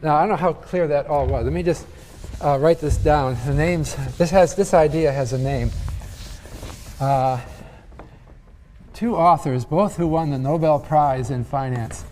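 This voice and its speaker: A man's voice: fairly high pitch, a little slow, long pauses, darkish tone, a little hiss or hum. An older man giving a university lecture in a conversational way, thinking aloud with frequent fillers and restarts. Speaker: economics professor. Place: large lecture hall. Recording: lecture hall with long reverb.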